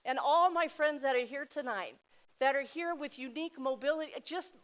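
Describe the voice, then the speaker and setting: Middle-aged woman speaker, heartfelt and emphatic, slightly high voice, loud bursts and quiet asides. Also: a little fast. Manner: heartfelt, emphatic, swings between loud exclamations and soft asides. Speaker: speaker at a dinner event. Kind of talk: personal speech to an audience.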